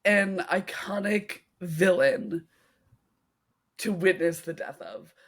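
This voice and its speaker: A woman's voice: mid-range voice, steady tone, creaky, slightly rough. A woman co-hosting a podcast in casual chat, stretching out her emphasis. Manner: unhurried, drawn-out emphasis. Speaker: podcast co-host.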